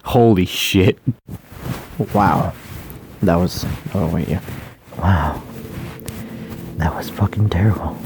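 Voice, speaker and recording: A man's voice: low voice, slow, pauses often, noisy background. A young man making a joking amateur ASMR video, stammering, swearing often and mocking himself. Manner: rambling, stammering, swears a lot, self-mocking. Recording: music playing loudly behind.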